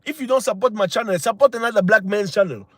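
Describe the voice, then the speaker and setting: A man's voice: high voice, fast talker, no room sound, studio quality. A man hosting a livestream, talking in an impassioned, preachy way with many rhetorical questions. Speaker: channel host. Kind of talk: livestream talk.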